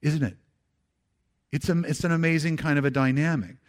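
Man, somewhat high voice, conversational pastor, slows on verses, soft drops for emphasis. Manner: repeats words and restarts phrases. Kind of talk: sermon.

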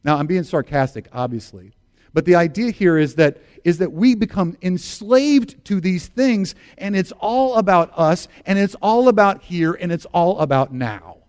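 A man's voice: high voice, normal speed, darkish tone. A middle-aged American man preaching a sermon as pastor, earnest and emphatic, repeating phrases for stress.

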